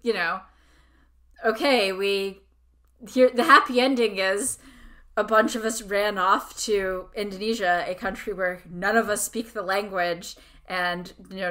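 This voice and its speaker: A woman co-hosting a casual book podcast, sarcastic and quick to laugh. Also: mid-range voice, fairly even intonation, sharp tone. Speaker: podcast co-host. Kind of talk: casual book-discussion chat.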